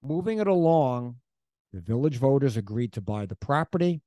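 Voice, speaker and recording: Chatty man, mellow and dry. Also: medium pitch, big pitch swings, normal speed, no echo. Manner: chatty, rambling with restarts and asides. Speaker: podcast co-host. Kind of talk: casual chat about local history.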